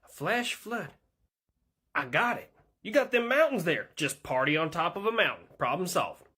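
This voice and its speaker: Brief: rowdy man, voiced by a man, loud and bright. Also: high voice, very animated, normal speed, breathy edge, pitched above the performer's own voice, heavily acted. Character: rowdy Florida man, carefree party-lover.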